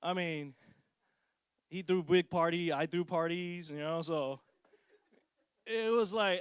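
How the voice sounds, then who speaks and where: A man's voice: on the high side, slow pace, pauses often, clear, resonant tone, no echo, studio quality. A man in his forties giving a casual personal testimony as a parent, joking and poking fun at himself. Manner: casual, joking, self-mocking storyteller.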